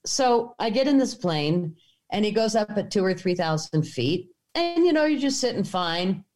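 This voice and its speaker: An American filmmaker, a woman, tells a story as a guest in a casual interview, animatedly acting out voices in her anecdotes. Her voice is medium in pitch and darkish in tone, with a sing-song lilt at a moderate pace.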